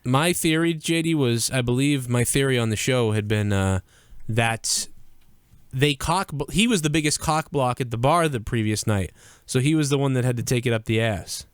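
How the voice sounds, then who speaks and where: A man's voice: medium pitch, moderate pace, clean tone, no echo, clean studio sound. A man co-hosting a live-streamed podcast in casual, crude banter, from the US Northeast. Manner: crude, profane, laughing banter. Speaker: podcast co-host.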